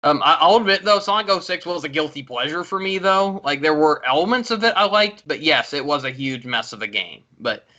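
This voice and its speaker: A man's voice: fairly high pitch, animated, fairly quick, hardly any pauses, sharp tone, lo-fi sound. A man chatting casually about video games, rambling with many ums and likes. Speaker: video reviewer and co-host.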